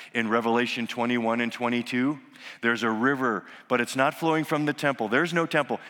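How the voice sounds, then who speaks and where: A pastor preaching a sermon, with dramatic swings from loud exclamations to hushed, near-whispered lines. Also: male voice, on the low side. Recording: long hall reverb.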